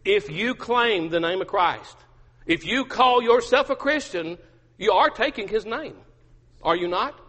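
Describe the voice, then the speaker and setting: A man's voice: high voice, animated, a little slow, pushed and bright, in a large hall. A male pastor preaching a sermon, emphatic and repetitive, with humorous asides.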